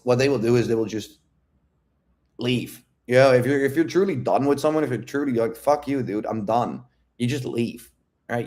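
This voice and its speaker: A man in the middle of the usual pitch range, telling a story to his audience. He speaks bluntly and casually, swears freely and takes his time, with the relaxed tone of a dating coach. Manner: blunt, profane, unhurried.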